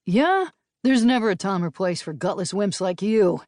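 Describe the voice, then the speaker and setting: A woman's voice: a little high, sing-song, slow, a little mellow, no room sound, studio quality, pitched above the performer's own voice. A woman narrator voicing a brash, hot-headed small-town bruiser man who snarls and taunts. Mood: taunting.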